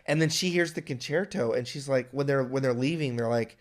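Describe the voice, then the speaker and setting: A young man co-hosting a casual film review chat, excitable and acting out imagined lines of dialogue. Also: medium pitch, brisk. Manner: excitable, acts out imagined dialogue, many restarts. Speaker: podcast co-host.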